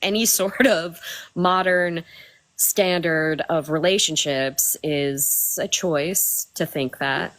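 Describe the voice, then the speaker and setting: A woman's voice: deep voice, slow, fairly bright tone, no room sound. A woman co-hosting a casual fan podcast, blunt and swearing casually. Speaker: podcast co-host.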